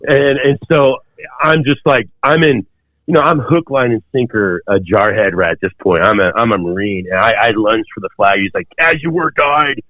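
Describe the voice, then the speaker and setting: Low-voiced man telling a story. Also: normal speed, fairly bright tone, no echo. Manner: rambling, many fillers and restarts. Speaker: podcast guest. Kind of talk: storytelling in conversation. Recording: dull, dry podcast audio.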